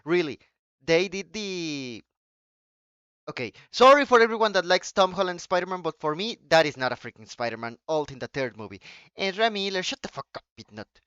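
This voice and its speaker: Male streamer whose first language is Spanish, with a fairly high, smooth voice. He rants in a quick, excitable way, swears freely and restarts his sentences. The sound is dry and slightly muffled. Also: no echo. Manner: excitable, profane ranting with restarts. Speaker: live streamer. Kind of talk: casual live-stream chat.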